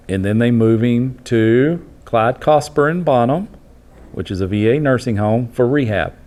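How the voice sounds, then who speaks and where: A man, an EMT instructor telling a case story to his class in a blunt, animated way. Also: medium pitch, a little slow. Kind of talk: storytelling lecture.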